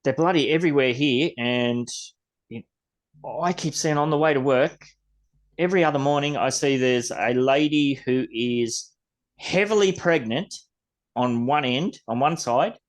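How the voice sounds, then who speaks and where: An Australian man hosts a podcast, speaking at a measured pace in a mid-range voice. He chats loosely and rambles, letting the odd mild curse slip.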